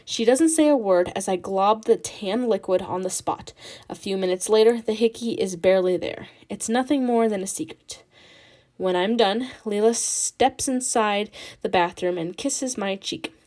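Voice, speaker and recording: A woman reads a novel aloud in a steady, quiet voice. Her pitch sits in the middle. The delivery is even and unhurried. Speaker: audiobook reader.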